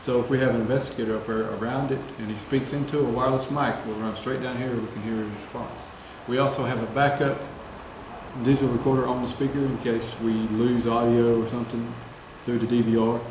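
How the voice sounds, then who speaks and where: A man's voice: medium pitch, level tone, fast talker. A man, a paranormal investigator, chatting offhandedly while showing his equipment. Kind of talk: casual equipment demo. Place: indoor room with equipment table. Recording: very echoey room with clear background noise.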